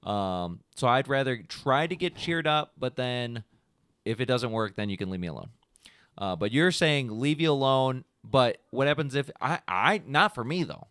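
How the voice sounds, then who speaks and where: A podcast host chats casually into a podcast microphone, rambling a little and sprinkling in plenty of "like"s and "you know"s. His medium-pitched voice is expressive, a bit bright and clean at a normal speed, with no room sound and clean studio sound.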